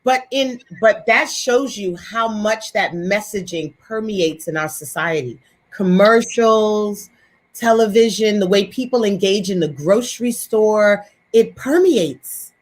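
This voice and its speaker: A woman's voice: mid-range voice, slow. Emphatic woman in casual talk. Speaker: co-host. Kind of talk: casual chat.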